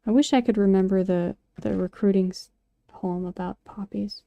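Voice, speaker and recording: A woman's voice: mid-range voice, steady tone, moderate pace, vocal fry, no room sound, highs cut off. A woman vlogger chatting casually and rambling, with many fillers and restarts. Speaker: craft and poetry vlogger. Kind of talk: casual chat while sculpting.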